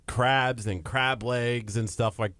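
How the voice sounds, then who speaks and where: A man's voice: mid-range voice, slow, dry recording. A man from Nebraska co-hosting a radio show, joking and telling stories in casual banter. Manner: joking, animated storyteller.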